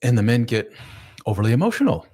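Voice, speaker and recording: A man's voice: mid-range voice, very animated, fast, warm tone. A man hosting a live advice stream, answering chat questions about marriage in a blunt, casual way with some swearing. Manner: blunt, casual, and profane, full of fillers; acts out spouses' lines in voices. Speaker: relationship coach and author, host.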